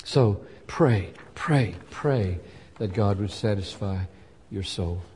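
A man's voice: lowish voice, takes it slowly, slight background noise. Emphatic older man preaching in a hall. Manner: emphatic, swinging between loud bursts and soft asides. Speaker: pastor. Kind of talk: sermon. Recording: long hall reverb.

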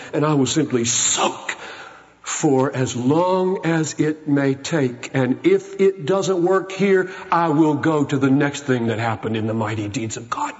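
A man preaching a sermon, moving from hushed, solemn retelling to loud, urgent exhortation. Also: on the high side. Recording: muffled recording with long hall reverb.

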